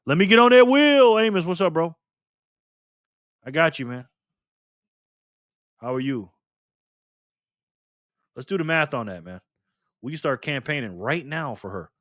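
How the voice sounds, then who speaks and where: A man talks casually on a live stream, greeting viewers one by one and joking with them in a light, teasing way. His voice sits a bit high for a man. The sound is close and dry, with no room echo. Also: big pitch swings, unhurried, long pauses, fairly bright tone. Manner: playful, teasing, greets chatters by name.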